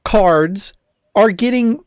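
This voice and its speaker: A man's voice: high voice, slow, clear, resonant tone, dry recording, clean studio sound. A man co-hosting a podcast, ranting in casual chat and swearing a lot. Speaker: podcast co-host.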